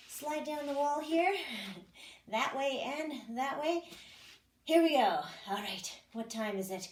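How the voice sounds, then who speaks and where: A woman fitness instructor leading a home workout, chatty and self-mocking, cueing moves and counting down the seconds. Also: high-pitched. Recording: echoey room, mic at a distance, noisy.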